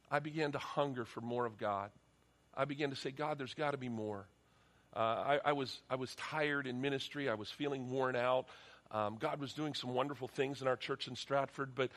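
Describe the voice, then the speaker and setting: Middle-aged male pastor, earnest sermon and prayer, stumbles over openings, mid pitch, in a church. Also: a bit bright. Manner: earnest, repeats words when starting a sentence. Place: church sanctuary.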